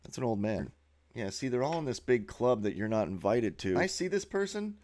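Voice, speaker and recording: A man's voice: mid-range voice, big pitch swings, moderate pace, darkish tone. A man giving a sneering, profane monologue while narrating a slideshow as a video host.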